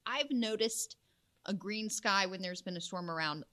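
A woman co-hosting a casual chat about weather myths, telling stories in an animated, giggly way. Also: medium pitch, moderate pace.

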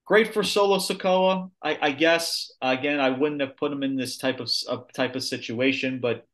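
A man co-hosting a podcast, giving a casual, animated wrestling review with blunt, sweary rants. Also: mid-range voice, normal speed. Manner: ranting, animated, swears freely. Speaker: podcast co-host.

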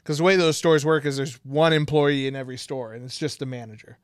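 A man's voice: on the high side, steady tone, quick pace, clean tone, no room sound, clean studio sound. A man co-hosting a casual podcast, rambling with lots of fillers and frequent laughs. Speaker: podcast co-host. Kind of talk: casual chat.

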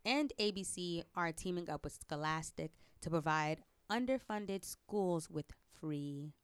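Woman cohosting a podcast, low voice, super clear, dry sound, chatty n laughs a lot. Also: expressive, unhurried, no echo. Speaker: podcast co-host. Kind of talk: casual chat.

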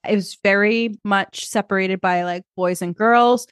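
A woman in her thirties, co-hosting a podcast and telling a lively story in a casual chat. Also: medium pitch, measured pace, clean tone, no room sound, clean studio sound. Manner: animated storyteller, acts out kids and herself. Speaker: podcast co-host.

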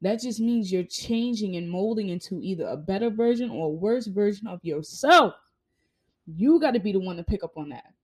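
A woman's voice: mid-range voice, expressive, normal speed. A young woman giving a blunt, profane motivational monologue, hammering home her points with rhetorical questions. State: hiccuping. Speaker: vlogger.

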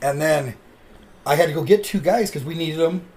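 A man hosting a podcast, chatting casually and telling stories with animated delivery. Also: a little high, moderate pace. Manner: animated storyteller. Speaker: podcast host. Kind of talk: casual chat.

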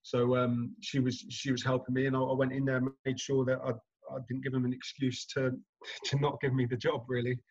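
Speaking briskly in a mid-range voice over dull audio, a young male actor guest spins animated anecdotes during a casual interview, with frequent laughter.

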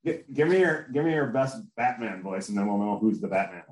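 A man hosting a casual podcast chat, excitable and quick to swear. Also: lowish voice. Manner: animated, excitable, swears freely. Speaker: podcast host. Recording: roomy echo.

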